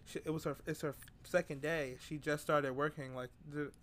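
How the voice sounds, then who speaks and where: Man podcast co-host, high and bright, quick joking asides. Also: fairly even intonation, a little hiss or hum. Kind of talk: casual chat.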